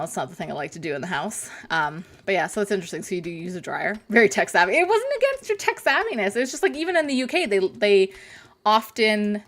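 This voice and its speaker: A young woman chatting on a live game stream, rambling, laughing and swearing casually. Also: fairly low pitch. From North America.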